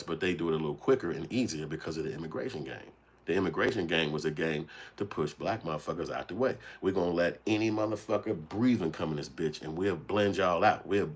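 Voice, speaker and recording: A man ranting in a casual commentary, profane and animated, telling streetwise stories. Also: low voice. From United States. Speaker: commentary show host.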